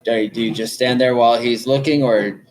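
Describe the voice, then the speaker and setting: A man's voice: mid-range voice, steady tone, a little hiss or hum, low-quality recording. A man narrating as game master in a casual tabletop game session. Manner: slow, loose narration with fillers.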